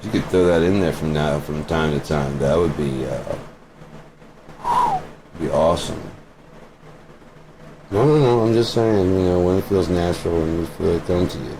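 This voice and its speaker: This man's voice rumbles low and moves at a moderate pace as he vents his opinions in an unplanned vlog. Vehicle road noise hums steadily behind him, and he swears freely, speaks bluntly, and keeps throwing out rhetorical questions.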